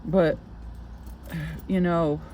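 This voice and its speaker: A woman's voice: fairly low pitch, fairly even intonation, extremely slow, warm tone, dull audio, slight background noise. A woman ranting into her own vlog, swearing constantly and sounding agitated, talking from inside a car. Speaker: vlogger. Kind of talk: casual vlog rant.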